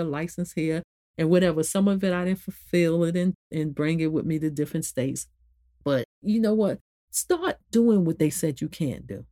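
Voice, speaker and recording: Woman, meditation therapist, conversational, repeats herself, lowish voice, dry sound. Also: warm tone, no echo. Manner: conversational, repeats phrases, swings from low to high emphasis. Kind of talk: spoken motivational teaching.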